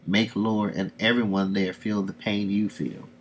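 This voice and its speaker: Dude reading a scheming witch from a comic, plain low voice, no acting. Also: fairly even intonation, measured pace, a little hiss or hum, low-quality recording. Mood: tempting. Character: scheming female witch tempting a boy.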